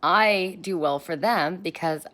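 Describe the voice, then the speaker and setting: Low-voiced bubbly woman vlogger. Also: slow, fairly bright tone. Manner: bubbly, chatty, rambling. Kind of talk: casual motivational talk to camera. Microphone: handheld phone.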